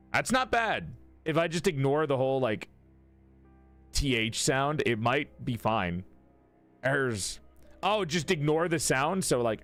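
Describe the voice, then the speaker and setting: A man's voice: medium pitch, big pitch swings, a little slow, a bit bright. Chatty swearing man streaming. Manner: swears freely, laughs often, rambling self-corrections. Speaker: streamer and game player. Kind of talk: casual live-stream chat. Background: faint game soundtrack music.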